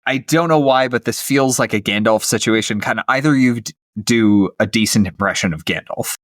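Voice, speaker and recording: A man's voice: mid-range voice, a little fast, a bit bright, no room sound, studio quality. A man hosting a tabletop gaming podcast, explaining rules in an easygoing casual chat. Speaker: podcast host.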